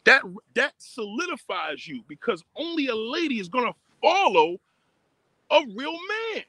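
A man's voice: extremely high pitch, sing-song, normal speed, sharp tone, dry recording. A man ranting profanely and emphatically on a livestream, repeating himself as he talks outdoors on a phone. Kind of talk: casual rant on a livestream.

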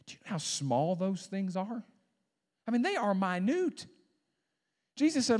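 Man pastor, sermon, high lively voice, church hall reverb. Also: normal speed, pauses often. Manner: call-and-response preaching, dramatic swings from quiet to loud. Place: church sanctuary.

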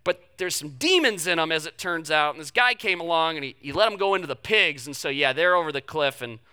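A man voicing an unflappable pig farmer who reacts with a deep, deadpan drawl. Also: fairly quick, clear, resonant tone.

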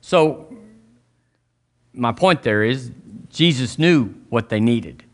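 Folksy pastor preaching. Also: male voice, expressive, takes it slowly. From Southern US. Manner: folksy storytelling, acts out quotes with sudden high-pitched voices. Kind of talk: sermon.

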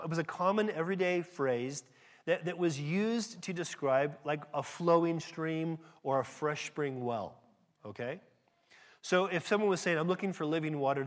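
A man with an American accent preaching a sermon in a lively, conversational way, often restarting sentences and acting out little exchanges. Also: on the high side, normal speed. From California. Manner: animated, conversational preaching with restarts and acted asides. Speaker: pastor.

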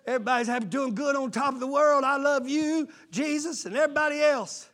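A man, preaching a sermon as lead pastor, calling out to his congregation and breaking into shouts. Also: very high voice, fairly quick.

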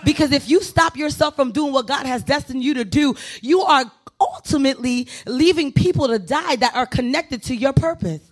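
Speaking at a moderate pace in a high voice, this female pastor delivers a sermon with a chatty, self-mocking style and playful asides. Her tone gradually shifts toward urgent exhortation.

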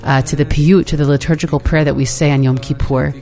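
A woman hosting a podcast, speaking in an earnest, reflective way, often pausing with "uh.". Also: sits low, fairly even intonation, dark tone, soft background music. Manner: earnest, hesitant with frequent "uh"s. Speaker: podcast host. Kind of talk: reflective talk.

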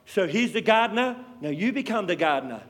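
A man preaching a sermon with passion, swinging between loud and hushed. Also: sits high, very animated, brisk. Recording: long hall reverb.

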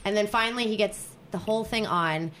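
A woman on a podcast telling a long, animated story in casual chat, rambling with fillers and restarts. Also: mid-range voice, brisk, a little hiss or hum.

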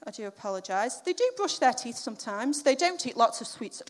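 A woman's voice: fairly high pitch, sing-song, fairly quick. A middle-aged woman giving a chatty, self-deprecating sermon built around a personal story, acting out the quotes. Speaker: preacher.

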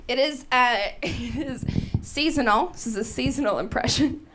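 A woman's voice: high voice, moderate pace, noisy background. A woman hosting a stand-up comedy show on a club stage, telling stories with lots of laughter into a handheld mic. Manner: animated, laughing through her stories. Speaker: stand-up host.

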